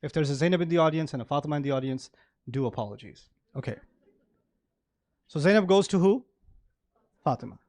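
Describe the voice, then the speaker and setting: Male preacher, high voice, animated storytelling sermon with laughs. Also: brisk, pauses often, no room sound, studio quality. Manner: animated, acts out examples, laughs often. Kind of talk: sermon to a live audience.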